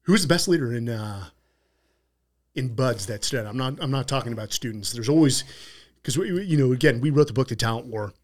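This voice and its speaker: A man's voice: mid-range voice, expressive, fairly quick. A middle-aged man hosting an interview in casual chat, telling stories and acting out quotes, with an easygoing mouth that swears now and then. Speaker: podcast host.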